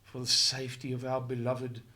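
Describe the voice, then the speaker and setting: A man from South Africa giving a monologue video commentary, impassioned and rhetorical, swinging from hushed tones to shouting and repeating words for emphasis. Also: medium pitch, completely flat delivery, moderate pace.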